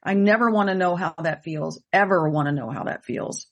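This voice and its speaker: Low gravelly-voiced woman telling a story. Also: normal speed. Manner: emotional, earnest, repeats herself for emphasis. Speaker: medium and co-host. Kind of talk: candid conversational storytelling.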